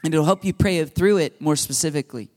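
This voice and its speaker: A man in his thirties delivers a sermon in a relaxed, conversational way. His voice sits a little high for a man. He repeats key points and breaks into short laughs. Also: a little fast. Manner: conversational, repetitive, laughing asides. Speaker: pastor.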